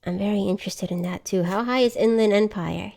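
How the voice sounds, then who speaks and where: A woman's voice: medium pitch, fairly quick, gravelly, mellow. A woman streaming a video game live, chatting casually and mocking herself as she gets lost. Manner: chatty, self-mocking, exclamatory. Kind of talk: casual live gameplay chat.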